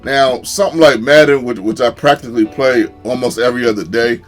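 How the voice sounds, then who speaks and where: Gaming YouTuber, male, easygoing chatter with frequent laughs, middle pitch, faint music bed. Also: fairly quick. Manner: laid-back, laughs often, excited yelps at big plays. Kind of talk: casual game commentary.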